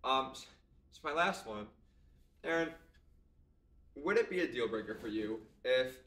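Bright-voiced young man in echoey room. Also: mid-range voice, expressive, unhurried, far from the mic. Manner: chatty, many ums and likes, jokey. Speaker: podcast co-host. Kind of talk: casual chat. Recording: echoey room, voice a bit off-mic.

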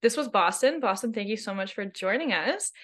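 A woman with a Canadian accent hosting a casual podcast, lively and rambling. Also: medium pitch, a little fast. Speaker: podcast co-host.

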